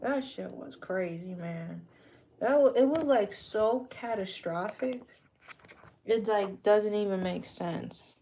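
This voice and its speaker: A woman's voice: mid-range voice, takes it slowly, warm tone, a little hiss or hum. A woman hosting a casual livestream chat from a dim room at home, talking frankly in a rambling way and swearing casually. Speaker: livestream host.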